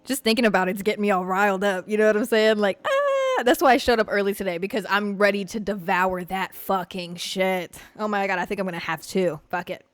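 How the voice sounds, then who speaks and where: A woman hosting a podcast in casual chat, brash and excitable, swearing freely. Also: mid-range voice, brisk, hardly any pauses, no room sound. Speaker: podcast host.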